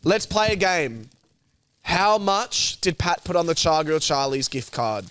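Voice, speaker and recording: A man's voice: a little high, sing-song, a little slow, a bit bright, clear, resonant tone, no echo. A young Australian man in casual podcast banter, blunt, crude and swearing a lot. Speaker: co-host.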